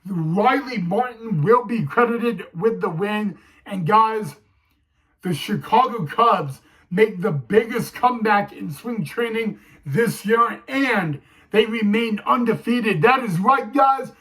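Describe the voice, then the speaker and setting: A man's voice: high voice, animated, slow pace, fairly bright tone, poor audio. A man recapping a game for his fan vlog, emotional and teary, repeatedly calling his viewers "guys.". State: teary, choked up. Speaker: sports fan vlogger.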